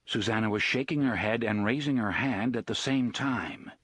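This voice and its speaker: A man narrating an audiobook in an expressive reading style. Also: on the low side, moderate pace, husky, no room sound. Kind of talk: scripted narration.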